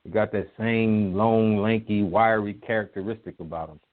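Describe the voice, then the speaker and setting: A man who is a music promoter, a guest telling old stories in a casual, profane, animated way, acting out what people said. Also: fairly low pitch, moderate pace. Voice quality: profane, animated, acts out quotes. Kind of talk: casual storytelling interview. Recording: tinny phone line.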